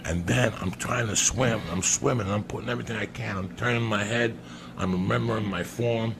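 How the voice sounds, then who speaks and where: Man, gravelly, low-pitched, profane comic storyteller, noisy room ambience behind. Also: steady tone, a little fast. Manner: profane, emphatic, keeps addressing the listener by name. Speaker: podcast storyteller.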